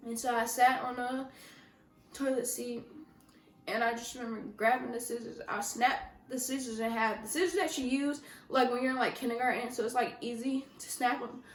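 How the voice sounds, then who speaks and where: Young woman, kinda high voice, soft and halting, emotional storytelling vlog, room echo. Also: steady tone, faint music behind. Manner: soft-spoken, emotional, halting with many restarts. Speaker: vlogger.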